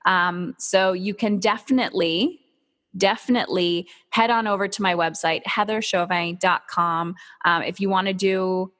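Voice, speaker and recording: A woman's voice: medium pitch, moderate pace. Emphatic woman speaker in a reverberant hall. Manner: energetic, emphatic, candid with casual swearing. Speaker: motivational speaker. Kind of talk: motivational talk.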